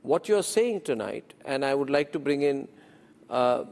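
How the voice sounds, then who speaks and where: A man anchoring a heated TV debate, forceful and incredulous, cutting in on guests. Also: mid-range voice, animated, measured pace, vocal fry, in a large hall.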